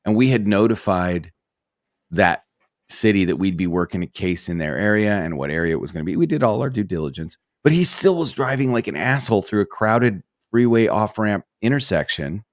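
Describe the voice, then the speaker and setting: Male podcast co-host, ex-narcotics cop, low voice, measured and wry, dry close mic. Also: expressive, no echo. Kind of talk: casual storytelling.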